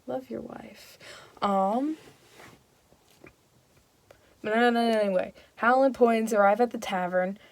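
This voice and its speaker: A woman's voice: fairly high pitch, measured pace, pauses often, dry recording. Young woman host, casual rambling comic summary, dry close sound.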